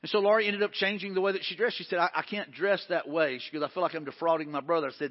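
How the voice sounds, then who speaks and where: A male pastor preaches in a high, conversational voice. He hammers repeated phrases and slips into quoted asides. The sound is dull and muffled, with a long reverb trailing through a large hall. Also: very fast, few pauses. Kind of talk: sermon.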